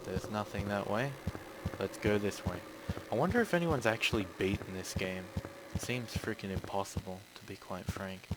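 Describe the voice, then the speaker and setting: A gaming channel host with a fairly low voice talks at a moderate pace through a horror game in a casual let's-play. Chatty and quick to swear, he lets out loud yelps when startled, with clear background noise behind him.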